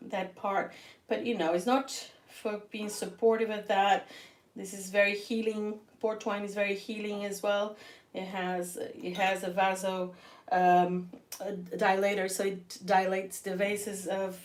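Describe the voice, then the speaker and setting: Recorded with poor audio, a medium-pitched woman chats through a live cooking stream in her home kitchen. She's a Portuguese-speaking cooking host who laughs frequently and talks right to her audience while feeling weak and unwell.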